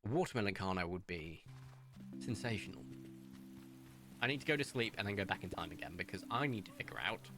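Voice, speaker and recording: A man's voice: deep voice, brisk, long pauses, music in the background. A young man chatting casually while streaming a video game, rambling through stories and comments as he plays. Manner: chatty, rambling, animated storytelling.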